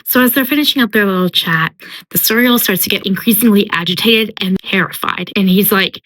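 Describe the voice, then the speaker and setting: A young woman retells a novel's plot in a casual, chatty way, peppered with likes and ums. Her voice is bright and sharp, sitting at a middle pitch. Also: fairly quick, rough recording. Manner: chatty, uses filler like "like" and "um". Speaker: book commentator. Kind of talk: casual book summary with character voices.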